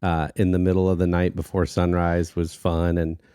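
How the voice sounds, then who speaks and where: A man in his thirties tells a story with a low, deep voice in casual podcast chat. He is animated and laughs often. The sound is dry and close. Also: normal speed, clear, resonant tone, no room sound. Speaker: podcast co-host.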